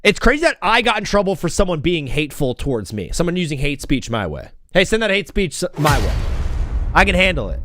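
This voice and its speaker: A man's voice: on the high side, very animated, fast, fairly bright tone, no echo. A young man hosting a casual live sports stream, rambling and joking while he calls game plays as they happen. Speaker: livestream sports host.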